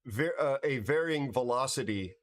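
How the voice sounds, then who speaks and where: A tired older American man hosting a casual livestream chat, rambling and halting with many restarts and fillers. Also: mid-range voice, animated. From United States. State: tired from no sleep. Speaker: livestream host.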